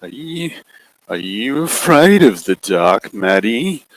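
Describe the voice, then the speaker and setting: A man voicing a menacing shadow being that coaxes a child in slow, soft tones. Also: fairly low pitch, big pitch swings, no echo, heavily acted, rough recording. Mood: coaxing menace. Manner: slow, soft, wheedling, growing urgent.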